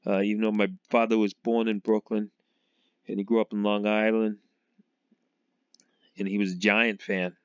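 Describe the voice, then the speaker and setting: A man's voice: lowish voice, flat delivery, moderate pace, long pauses, clean tone, dry recording. A man from Massachusetts rambling through a casual monologue about football, laughing often and trailing off as he talks. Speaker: sports fan vlogger. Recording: dull lo-fi recording.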